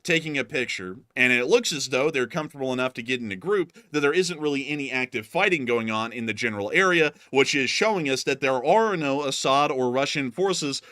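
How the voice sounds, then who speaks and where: A man hosting casual war news commentary, joking and animated as he talks. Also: medium pitch, brisk, hardly any pauses, dry recording, clean studio sound. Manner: joking, animated, drops into mock voices. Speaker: host.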